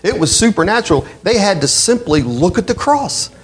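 A male pastor preaching a sermon, with a slightly husky voice, quoting scripture and swinging his voice up high for emphasis. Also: brisk, low-quality recording. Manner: expressive preaching, voice climbing high on quoted outbursts.

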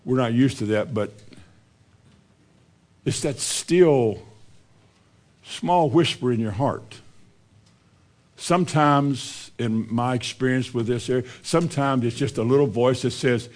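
Dynamic male preacher, loud then hushed. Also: mid-range voice, expressive, measured pace, long pauses. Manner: rhetorical questions, swings between loud and hushed. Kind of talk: sermon.

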